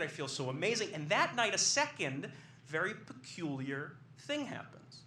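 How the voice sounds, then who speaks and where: A young man telling a comic personal story live on a club stage into a stage microphone, animated and rising into excited bursts. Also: sits high, normal speed. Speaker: stand-up storyteller. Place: comedy club stage with audience. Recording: echoey live room, faint background noise.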